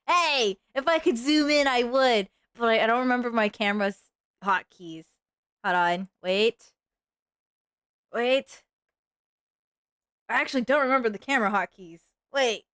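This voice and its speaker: A woman's voice: fairly high pitch, fairly bright tone, clear, resonant tone, no echo, studio quality. A woman chatting casually on a live stream, goofy and rambling, often poking fun at herself. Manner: goofy, rambling, self-mocking.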